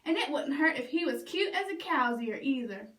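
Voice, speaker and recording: A woman's voice: high-pitched, lively intonation, moderate pace, a bit bright, reverberant, far from the mic. Woman playing a folksy rich ranch gal. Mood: determined. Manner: folksy, determined.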